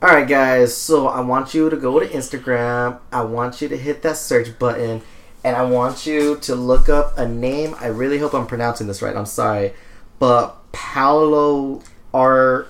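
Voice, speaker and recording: A young man co-hosts a laid-back podcast. He rambles loosely through his points, filling gaps with "uh" and "um" at a middling pitch. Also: steady tone, normal speed. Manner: loose and rambling, full of fillers. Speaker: podcast co-host. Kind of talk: casual podcast chat.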